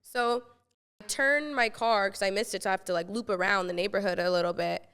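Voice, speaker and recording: A young woman hosting a podcast and telling a story casually, animated, swearing freely and acting out what she said back then. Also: mid-range voice, a little fast, clean tone, long reverb tail. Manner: animated, swears freely, acts out her own quotes. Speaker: podcast host.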